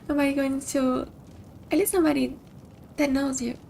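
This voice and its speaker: High-voiced chatty woman streamer. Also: fairly even intonation, a little slow, vocal fry, a little mellow, slight background noise. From Brazil. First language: Portuguese. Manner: chatty, upbeat, giggly. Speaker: game streamer. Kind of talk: casual stream chat with game commentary.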